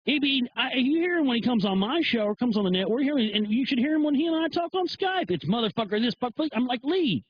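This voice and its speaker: High, husky, profane male ranting host. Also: lively intonation, fast talker, hardly any pauses, dry recording, dull audio. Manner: profane, emphatic, heated. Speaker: host of a live internet talk show. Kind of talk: ranting monologue.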